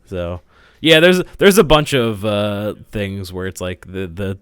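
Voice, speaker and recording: A young man co-hosting a podcast in casual chat, wry and teasing, quick to laugh. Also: fairly low pitch, clean tone, dry recording, studio quality. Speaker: podcast co-host.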